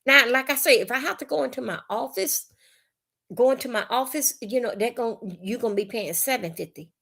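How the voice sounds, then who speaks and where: Woman host, casual livestream rant, blunt and profane, slightly high voice, animated delivery. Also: fairly quick, gravelly. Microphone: phone or webcam on livestream.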